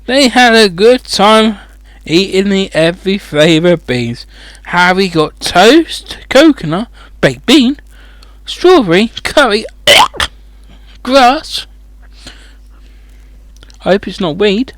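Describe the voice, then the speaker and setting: A man's voice: high voice, sing-song, slow pace, a bit bright, no echo. A man reading a children's fantasy book aloud as a comedic audiobook, breaking off into rambling, sweary, mocking asides. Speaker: audiobook reader.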